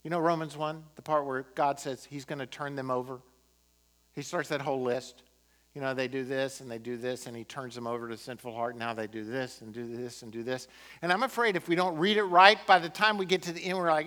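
A man preaching a sermon as pastor, impassioned, swinging from emphatic peaks to quiet, earnest moments. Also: medium pitch, steady tone, brisk. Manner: impassioned, rising to emphatic peaks then dropping to quiet prayer.

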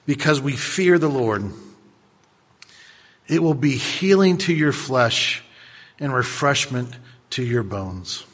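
A pastor in his fifties preaching a sermon with animated delivery that builds to loud exclamations. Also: fairly high pitch, in a large hall. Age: 50s.

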